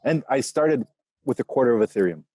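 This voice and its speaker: A man's voice: mid-range voice, expressive, brisk, warm tone, breathy edge. A man co-hosting a casual video chat, laid-back and joking with plenty of slang. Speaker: co-host.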